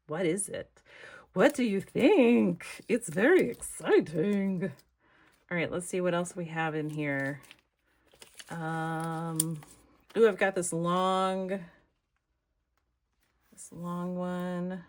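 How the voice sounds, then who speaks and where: A woman with an American accent, chatting casually to her viewers while she makes a collage, thinking out loud as she works. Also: on the low side, takes it slowly, long pauses, slight background noise. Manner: chatty, thinks aloud, talks to viewers as y'all. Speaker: craft vlogger. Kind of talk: casual crafting chat to camera.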